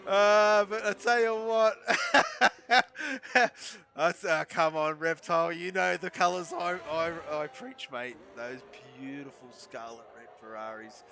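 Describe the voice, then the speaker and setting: A young man giving chatty, excitable live commentary on an online racing league, laughing often and talking to viewers in chat. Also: fairly high pitch, measured pace, vocal fry. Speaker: esports race commentator.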